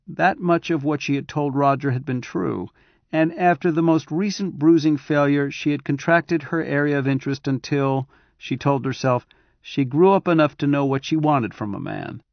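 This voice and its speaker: Man narrating, dry and steady. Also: fairly high pitch, moderate pace, vocal fry, no echo. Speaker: audiobook narrator. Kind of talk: scripted narration. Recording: dry, slightly dull audiobook recording.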